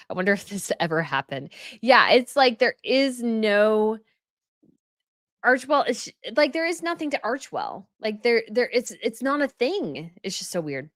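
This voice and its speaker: A young woman chats her way through viewer comments on a home livestream, reacting to each one as she goes. Her voice sits fairly high and swings up and down with animated energy. The sound is dry and close, with no room echo. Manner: chatty, reads viewer comments aloud and reacts. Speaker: royal news livestream host. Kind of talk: casual livestream chat reading comments. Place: home setup.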